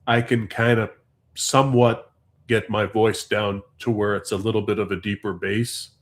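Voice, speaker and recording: A man's voice: lowish voice, little pitch movement, normal speed. Rambling man chatting on a livestream. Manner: rambling, storytelling. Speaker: livestream host. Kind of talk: casual live stream chat.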